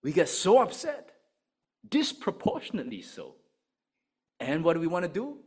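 A male preacher delivering a sermon in a slightly high voice. His pitch moves a lot, climbing for emphasis and sinking low for quiet points. He talks through rhetorical questions and swings between loud and soft. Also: normal speed, husky. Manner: animated, rhetorical questions, rises and drops sharply in volume.

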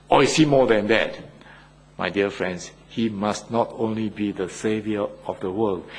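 Male preacher, husky, earnest sermon delivery with rhetorical questions. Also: on the low side, moderate pace.

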